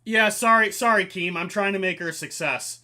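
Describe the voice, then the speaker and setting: A woman's voice: mid-range voice, moderate pace, sharp tone. A woman co-hosting a livestream who reads donations and talks in a joking, easygoing way. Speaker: co-host reading donations. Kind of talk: livestream reaction chat.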